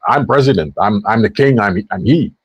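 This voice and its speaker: A man's voice: fairly low pitch, animated, moderate pace, slightly rough, dry recording, muffled recording, pitched below the performer's own voice. A man putting on the voice of a pompous male politician who stammers and brags that he is now president. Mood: boastful. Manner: stammering, self-important.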